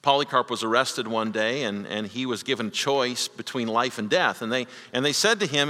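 A man preaching a sermon with a bright, forceful tone. His delivery swings from loud emphasis down to hushed, low lines, and he often stumbles and repeats words. His voice rings with a long reverb, as in a large hall. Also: moderate pace, few pauses. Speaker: pastor.

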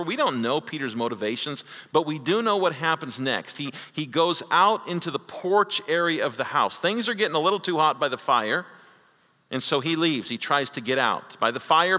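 A man's voice: on the high side, sharp tone, in a large hall. A man preaching a sermon as a pastor, telling a story earnestly and acting out the quoted lines.

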